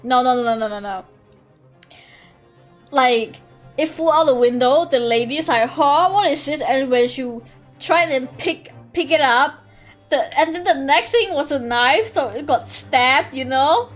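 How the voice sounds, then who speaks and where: A young woman streams a courtroom video game, chatting loosely, giggling and dropping swears as she rambles and corrects herself. Her voice sits high, and faint music plays behind her. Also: lively intonation, measured pace. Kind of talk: casual livestream commentary.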